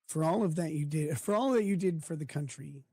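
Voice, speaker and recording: A man's voice: on the high side, brisk, a little mellow, slightly rough, no echo. A man hosting a live stream, chatting casually with a crude, mocking manner and frequent laughter. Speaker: streamer host.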